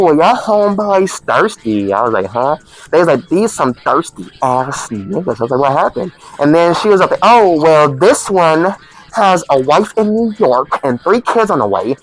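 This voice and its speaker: A man's voice: a little high, rough recording. A young man telling a comedic party story in a rambling, self-correcting way, acting out his friends' lines.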